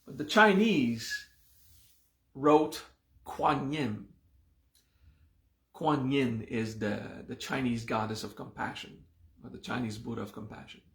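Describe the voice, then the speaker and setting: A man teaching a live meditation class, explaining a mantra and its hand gesture at an unhurried pace and often checking in with "okay?". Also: mid-range voice, a bit bright, reverberant.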